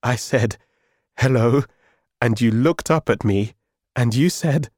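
A man's voice: medium pitch, unhurried, no echo, clean studio sound, close to an everyday voice. A man reading as a weary older husband. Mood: laughing. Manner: weak, quiet voice.

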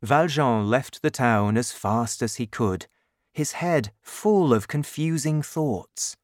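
A narrator reading a storybook aloud at an unhurried pace with clear, expressive phrasing. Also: mid-range voice, no room sound, studio quality.

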